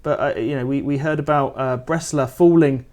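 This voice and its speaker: A man's voice: medium pitch, steady tone, normal speed, darkish tone. A man co-hosting a livestream, asking rambling questions with restarts. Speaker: livestream co-host. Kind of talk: livestream interviewing.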